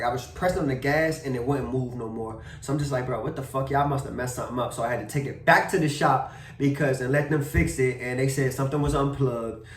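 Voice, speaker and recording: A young man from Maryland telling a car crash story in a casual vlog, animated, full of slang and cursing. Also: mid-range voice, far from the mic. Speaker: vlogger. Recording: roomy echo, a bit off-mic.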